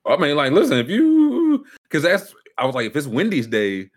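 A man co-hosting a casual chat, telling animated, slangy stories and acting out what other people said. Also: fairly high pitch, normal speed. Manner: animated storyteller, slangy, acts out quotes in voices.

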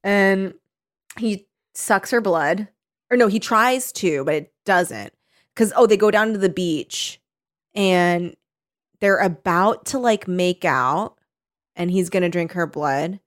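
A woman's voice: lowish voice, takes it slowly. A woman chatting casually as a podcast co-host, recapping a show with lots of giggles and acted-out quotes. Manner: animated, giggly, acts out quotes.

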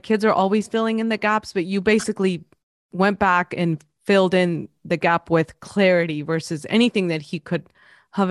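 A woman's voice: medium pitch, no echo, clean studio sound. A woman hosting a podcast, chatty and encouraging as she talks with her guest. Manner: warm, encouraging and chatty, with quick affirmations. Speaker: podcast host. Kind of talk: supportive interview conversation.

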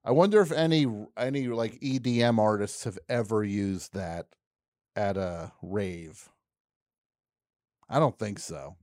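A man's voice: on the low side, unhurried, darkish tone, dry recording, studio quality. A man hosting a podcast in a casual, jokey, rambling way. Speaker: podcast host. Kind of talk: casual chat.

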